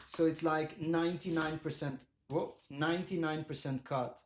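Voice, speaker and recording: A man chatting casually on a live cooking stream, animated and self-mocking, laughing often and reading viewer comments aloud. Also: fairly high pitch, moderate pace, a little hiss or hum. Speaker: livestreamer.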